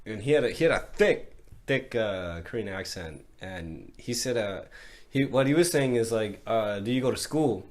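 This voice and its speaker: A man's voice: on the low side, lively intonation, normal speed. A man co-hosting a podcast, chatting casually and laid-back, with frequent "yeah, yeah" fillers. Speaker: podcast co-host. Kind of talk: casual chat.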